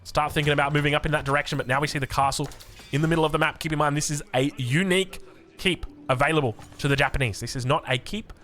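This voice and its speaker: Australian man, lively game caster, enthusiastic and jokey, bright forceful voice, fairly high pitch, faint music behind. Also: quick pace. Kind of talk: excited esports commentary.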